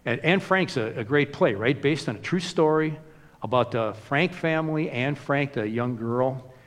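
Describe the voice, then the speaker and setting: A man's voice: mid-range voice, normal speed. Conversational male preacher in a hall. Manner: conversational, frequent "you know" asides. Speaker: pastor. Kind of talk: sermon.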